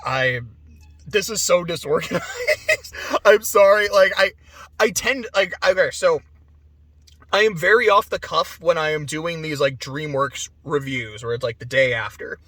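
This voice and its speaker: High-pitched guy rambling thru a movie review, swears a lot, dry close mic. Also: normal speed, no echo. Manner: rambling, excitable, laughs and swears often. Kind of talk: off-the-cuff casual review.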